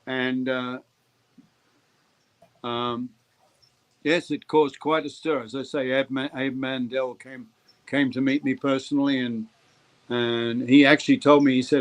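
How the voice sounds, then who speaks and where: A man's voice: mid-range voice, unhurried, pauses often. An older man, a guest actor, tells stories in an interview and acts out the voices of the people he quotes. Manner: animated storyteller who acts out quoted voices. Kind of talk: anecdotal interview storytelling.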